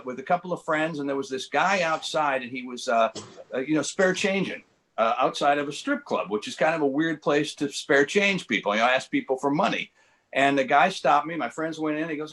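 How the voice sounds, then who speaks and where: A man in his sixties telling comic stories over a video call, rambling and halting with lots of fillers and dry, self-mocking punchlines. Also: mid-range voice, fairly bright tone. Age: 60s. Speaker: comedian guest. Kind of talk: stand-up storytelling.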